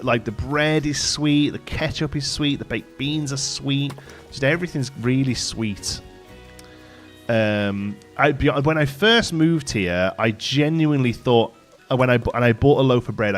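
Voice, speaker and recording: A chatty man, rambling through a relaxed live stream with plenty of "um"s and restarts. His voice sits in an everyday middle pitch. Soft music plays faintly behind him. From England, Staffordshire. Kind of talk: casual chat while gaming, reading chat aloud.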